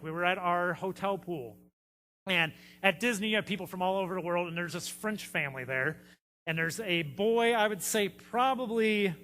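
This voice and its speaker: A man's voice: high voice, bright, forceful tone, in a large hall, a little hiss or hum. A man preaching a sermon as a pastor, telling stories in a conversational way with frequent fillers. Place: church sanctuary.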